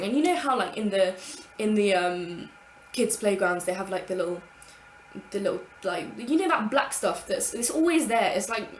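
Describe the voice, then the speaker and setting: Swearing, animated woman vlogger. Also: mid-range voice, normal speed, roomy sound, slight background noise. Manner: animated, swears freely, acts out her own past thoughts. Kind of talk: casual storytime monologue.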